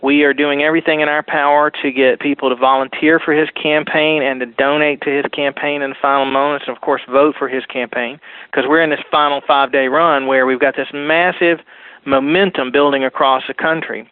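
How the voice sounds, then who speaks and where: A man guest on a political talk radio show, calling in and talking fast and insistently in long run-on sentences. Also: fairly high pitch, steady tone, clean tone, dry recording. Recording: phone line.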